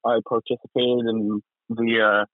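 A man's voice: mid-range voice, flat delivery, measured pace, dry recording. A young man co-hosting a podcast in loose, profane casual chat, laughing often. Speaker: podcast co-host. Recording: tinny phone-like, dry.

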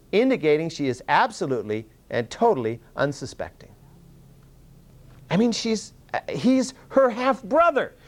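Animated male Bible teacher. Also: sits high. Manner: earnest, explanatory, reads Scripture aloud with emphasis; self-correcting, with restarts and fillers.

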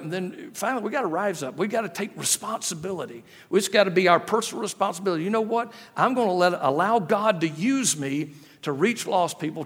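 Folksy preacher in an echoing church. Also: male voice, high-pitched, a bit bright. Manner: folksy, repeats and restarts words. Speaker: guest pastor. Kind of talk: sermon. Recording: long reverb of a church hall.

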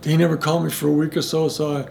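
Gravelly, low-toned man telling his story. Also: level tone, racing, a little mellow, a little hiss or hum. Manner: rambling, with many restarts and quoted dialogue. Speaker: interviewee in recovery. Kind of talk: personal recovery story.

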